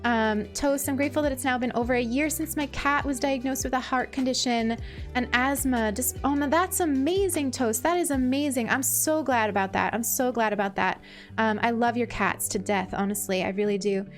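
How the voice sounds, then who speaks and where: A woman's voice: a little high, a little fast. A woman live-streaming from home, chatting casually and gushing as she reads out and thanks her viewers, with many fillers. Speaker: streamer reading chat. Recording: faint background music.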